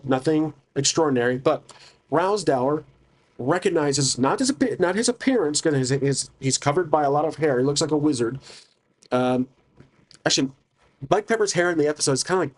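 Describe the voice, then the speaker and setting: A man narrating a solo tabletop game, thinking aloud hesitantly with many restarts. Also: fairly high pitch.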